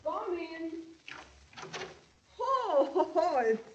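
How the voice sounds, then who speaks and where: A woman's voice: very high voice, sing-song, drawn-out words, slight background noise, full character voice. A fretful Italian mother. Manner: broken English, pleading. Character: fretful Italian immigrant mother, devoted wife. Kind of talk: 1940s radio acting. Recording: dull old radio recording.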